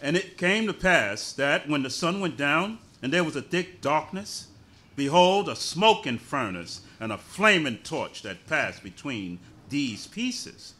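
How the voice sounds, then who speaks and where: A man's voice: a little high, very animated, a little slow, bright, forceful tone. A man reading scripture aloud to a congregation, carefully and steadily. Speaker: scripture reader.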